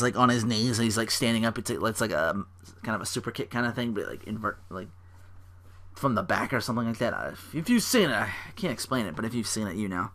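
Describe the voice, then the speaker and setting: A man hosting a casual home podcast, recapping wrestling with a bright, forward voice. He talks loosely and acts out the wrestlers' lines in higher, louder bursts before dropping back to his easy speaking tone. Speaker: podcast host.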